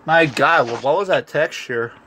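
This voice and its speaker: A man's voice: on the high side, moderate pace, bright, forceful tone, a little hiss or hum. A teenage boy chatting casually and joking with friends on a gaming call, laughing often. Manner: giggly, joking, playful. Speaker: vlogger on a call.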